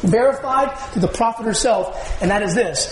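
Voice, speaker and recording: A man preaching with a high voice, throwing questions out to the congregation and answering them himself. The sound is roomy and echoey, as if caught in a church hall. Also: moderate pace, a little hiss or hum. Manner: call-and-response preaching, asks the congregation questions. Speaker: pastor. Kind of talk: sermon.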